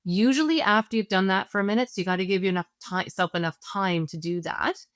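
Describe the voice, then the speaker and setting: A woman as a parenting expert guest, explaining in a conversational teaching style, animated and earnest, walking through examples step by step. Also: mid-range voice, quick pace, no room sound. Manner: animated, acts out parents and kids in quoted voices.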